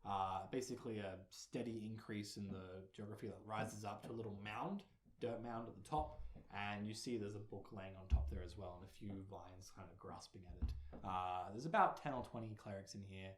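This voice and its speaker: A man from Australia narrating as game master of a tabletop game, describing scenes haltingly with many ums. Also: on the low side. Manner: filler-heavy, halting description. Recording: echoey room with faint noise.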